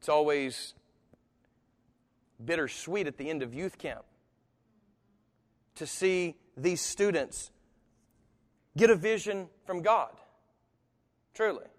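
A man's voice: a little high, expressive, takes it slowly, pauses often. A man preaching a live sermon to an audience, talking conversationally with sudden emphatic rises and occasional chuckles. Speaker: pastor. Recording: long hall reverb.

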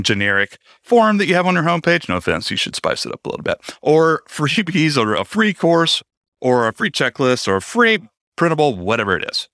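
A man coaching the viewer on online business in an emphatic, energetic way, talking straight to them with casual, slangy asides. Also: mid-range voice, no room sound, clean studio sound. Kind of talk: direct-to-camera teaching monologue.

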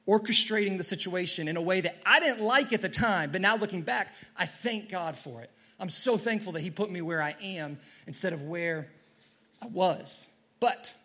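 A pastor with a fairly high voice preaches a sermon from a church stage. He tells his story earnestly, stumbling through many restarts and swinging between loud and quiet.

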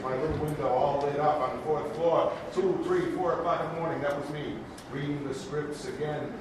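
A man's voice: fairly high pitch, natural voice. A man playing an aging, showy, forgetful Broadway producer who emcees a live improvised stage comedy with grandiose showman patter. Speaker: show's emcee character. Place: theater stage. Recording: echoey theater recorded from far off, noisy.

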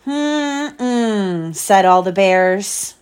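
A mother reading a picture book to her little ones, with a mid-range voice in a gentle, chatty manner. She pauses now and then to point out the pictures and answer questions, then goes back to the story. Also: mid-range voice. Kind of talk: picture book read-aloud.

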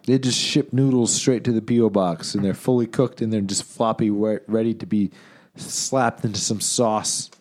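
A man's voice: fairly low pitch, fairly even intonation, moderate pace, a little mellow. A man cohosting a podcast, riffing in profane, rambling comedic banter. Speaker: podcast host.

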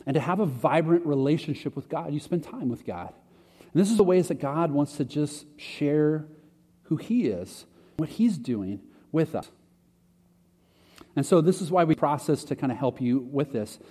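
A man's voice: on the high side, animated, moderate pace, warm tone, breathy edge. Preaching man in a reverberant hall. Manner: conversational, self-deprecating preaching with restarts. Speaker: pastor. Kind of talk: sermon.

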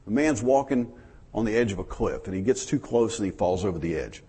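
A man's voice: on the low side, expressive, fairly quick, dark tone, slightly rough. A man preaching a folksy sermon, telling stories to his congregation. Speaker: pastor.

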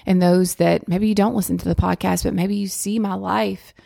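A woman's voice: medium pitch, steady tone, moderate pace, creaky, dry recording, studio quality. A woman, talking candidly and rambling a little on her own podcast from home. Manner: candid, rambling, with restarts and soft laughs. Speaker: podcast host. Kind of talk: personal reflective monologue.

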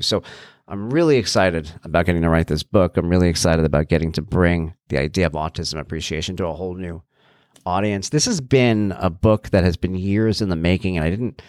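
A man's voice: low voice, dry recording, studio quality. A man hosting his own podcast, talking earnestly and casually, thinking aloud with frequent restarts. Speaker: podcast host and author. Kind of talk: casual solo podcast talk.

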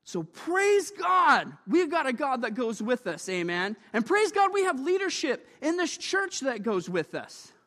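A male preacher delivering a lively, joking sermon and calling out for amens. His voice sits very high and swings widely in pitch. He is heard in a church with a long, ringing reverb. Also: normal speed, few pauses.

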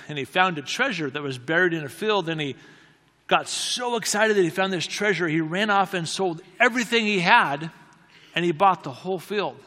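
A man's voice: on the high side, pushed and bright. A man from the United States telling a personal story as a sermon, earnest and conversational with frequent restarts. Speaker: preacher. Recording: long hall reverb.

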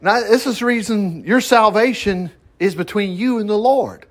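Speaking in a high voice at a moderate pace with hardly any pauses, a pastor leads a casual Bible study sermon. He reads scripture aloud and riffs on it in a down-home, conversational way with asides.

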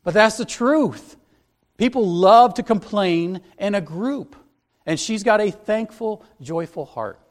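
A man preaching an expository sermon as a pastor, teaching earnestly verse by verse. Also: sits high.

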